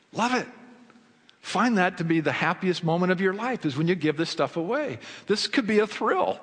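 A man preaching a sermon to his congregation, asking them questions and answering them himself, swinging between fervent high passages and low quiet ones. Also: big pitch swings, moderate pace, slightly rough. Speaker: pastor. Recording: long hall reverb.

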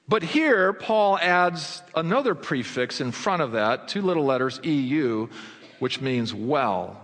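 Pastor guy preaching, kinda high voice, long echo tail like a big sanctuary, asks the crowd stuff then answers it himself. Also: sing-song, slow pace. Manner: asks the congregation questions and answers them himself; swings between fervent high passages and low quiet ones. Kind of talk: sermon. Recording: long hall reverb.

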